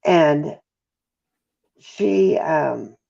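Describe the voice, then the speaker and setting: In an emotional phone interview, a middle-aged Midwestern mother keeps breaking off and apologizing, her halting speech carrying a gravelly edge. The voice is low and warm with lively intonation, and the call sounds dull and lo-fi.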